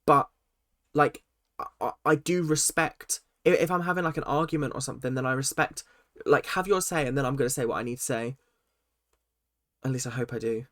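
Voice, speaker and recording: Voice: mid-range voice, fairly quick, pauses often, a bit bright, dry recording. A vlogger, ranting in exasperation about a reality show and often stumbling over restarts, recorded close on a desk mic. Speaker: reaction vlogger.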